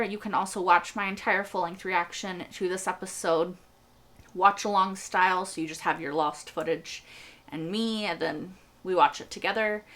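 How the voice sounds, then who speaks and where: A woman's voice: mid-range voice, fairly bright tone. A young woman hosting a TV reaction video, rambling earnestly in casual chat and laughing often.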